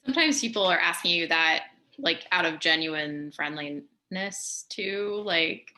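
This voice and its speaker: A woman's voice: fairly low pitch, a little slow, sharp tone. A woman who is a study abroad adviser, giving friendly, helpful guidance on a panel and hedging her points lightly.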